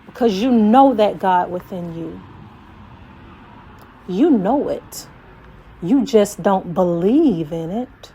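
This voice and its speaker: Woman coach, spoken voice note, unhurried, repeating affirmations, mid pitch, emotional edge. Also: expressive, mellow, breathy edge. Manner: slow, emphatic, repeating lines like affirmations. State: emotional, voice dropping to a whisper. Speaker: life coach. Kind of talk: reflective voice note.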